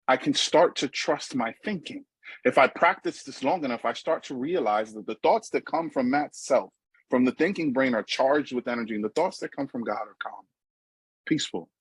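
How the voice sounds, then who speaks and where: Speaking at a moderate pace in a husky mid-range voice, a middle-aged New York man with a matching accent delivers a personal recovery talk, storytelling casually and often addressing listeners directly. There is no echo, but the audio quality is poor.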